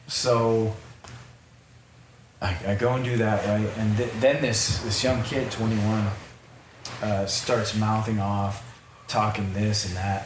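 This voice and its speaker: A man's voice: fairly low pitch, steady tone, measured pace, noisy background. A man, a podcast guest, telling a personal story in a rambling way, repeating words and restarting sentences. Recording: roomy echo, faint ambience.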